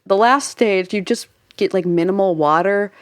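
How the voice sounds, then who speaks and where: A young woman co-hosting a podcast, talking through her research in a loose, rambling way full of "like" fillers. Her voice sits at a middle pitch and sounds dry and close, with little room sound. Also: normal speed, no echo. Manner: chatty, explains at length with frequent "like" fillers and laughs. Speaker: podcast co-host. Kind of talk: casual podcast chat.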